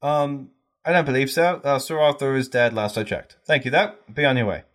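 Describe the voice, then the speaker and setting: A man's voice: medium pitch, a little fast, a bit bright, pitched above the performer's own voice, close to an everyday voice. A man voicing a dismissive male dock clerk who keeps a ledger of ships. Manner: dismissive, clipped.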